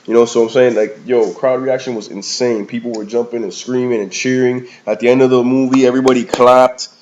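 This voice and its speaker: A man's voice: mid-range voice, little pitch movement, a little fast, a little mellow, a little hiss or hum. A man giving a casual, rambling movie review in slangy talk, often calling the listener "man" or "bro". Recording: slightly dull lo-fi recording.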